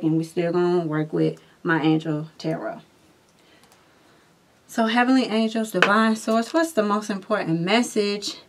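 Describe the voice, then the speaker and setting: A woman giving a spiritual tarot reading, who talks viewers through guided breathing and reads cards with lively, chatty asides. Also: mid-range voice. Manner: slow, soothing guided breathing, then excited and laughing at the cards. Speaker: tarot reader.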